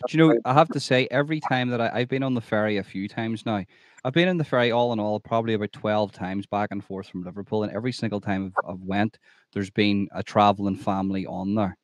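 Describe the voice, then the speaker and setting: A man's voice: on the low side, fast, no room sound. A man hosting a podcast interview who talks in an emphatic, opinionated way and repeats himself when he stresses a point. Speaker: podcast host. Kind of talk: conversational interview.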